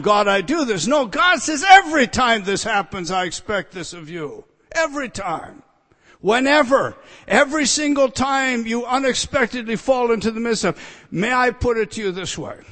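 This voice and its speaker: A male pastor delivering an emphatic sermon with a notably high voice. He repeats key phrases and swings from loud declarations to quiet, hushed asides. The sound carries the long reverb of a large hall.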